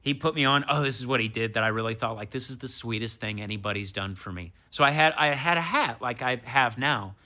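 A man in his thirties, a comedian guest, telling a story in casual chat, animated and swearing as he acts out what people said. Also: mid-range voice, fairly quick, hardly any pauses.

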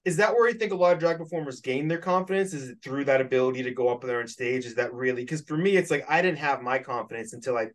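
A man of middle pitch hosting a casual podcast chat. He stops and restarts his phrases and repeats words as he thinks aloud. His voice sits a bit back from the microphone. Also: distant mic. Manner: halting, repeats words while searching for thoughts. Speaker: podcast host. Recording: voice set back from the mic.

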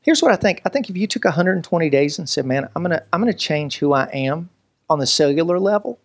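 Pastor guy preaching, high-pitched, jokey, does little voices. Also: fast talker. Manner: animated, joking, preacherly delivery with voices and asides. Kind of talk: sermon.

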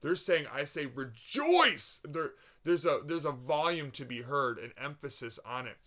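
A man's voice: fairly high pitch, steady tone, normal speed, fairly bright tone. A man hosting a faith podcast, preaching fervently, full of rhetorical questions and restarts. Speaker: podcast host.

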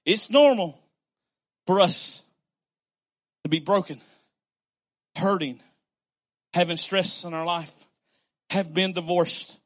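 A male pastor delivers a lively sermon from a pulpit, talking to the congregation as if chatting. His voice sits high for a man and rings bright and forceful. He repeats himself for emphasis and slips into little acted-out quotes. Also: slow, long pauses. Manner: conversational, animated preaching with repetitions and acted-out quotes.

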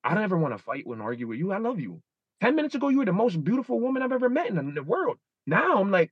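A man's voice: sits high, huge pitch swings, racing, husky, no echo, dull audio. A man in his thirties, a guest in a casual interview, telling stories animatedly and acting out his own inner dialogue. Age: 30s.

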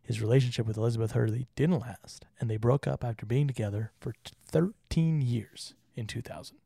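A man co-hosts a casual podcast with a gravelly, husky voice. He reads notes aloud and keeps breaking into jokes and laughter. The sound is dry and close. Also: mid-range voice, fairly quick, dark tone, dry recording. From Utah. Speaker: podcast co-host. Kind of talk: casual chat with reading.

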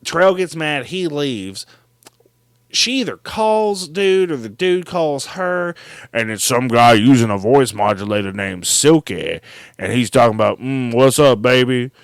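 A man co-hosting a podcast, recapping a movie in animated, swear-filled casual chat. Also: medium pitch, measured pace, dry recording. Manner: animated, swears freely, mimics characters.

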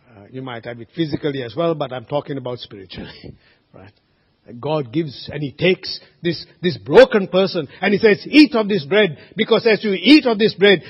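A high-pitched, husky male pastor preaches an earnest sermon, rising to loud calls and dropping to quiet asides. His voice rings with a long church reverb on a dull, lo-fi recording.

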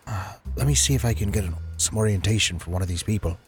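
Hesitant low-voiced game player. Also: male voice, fast talker, soft background music. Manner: hesitant, thinking aloud. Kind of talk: tabletop game table talk.

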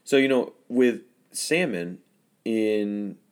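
A man's voice: on the low side, takes it slowly, smooth. A man co-hosting a podcast, chatting casually and enthusiastically, often trailing off with "you know.". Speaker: podcast co-host. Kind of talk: casual chat.

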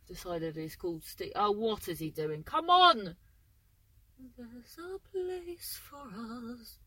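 A woman's voice: medium pitch, fairly bright tone, no room sound. Rambling, sweary woman comedian. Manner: chatty, sweary, easily sidetracked. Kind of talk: rambling casual monologue.

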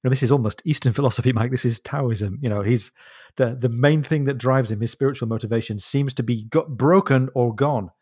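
A man co-hosting a book discussion podcast, explaining literary references with quiet enthusiasm. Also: mid-range voice, fairly quick, husky, dry recording, clean studio sound. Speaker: podcast co-host.

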